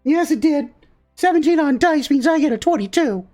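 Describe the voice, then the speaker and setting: Here the same gingerbread warrior comes through at a normal pace, the woman's raised, high voice set against faint music. The little male fighter stays feisty, desperate, and melodramatically excitable during the tabletop session.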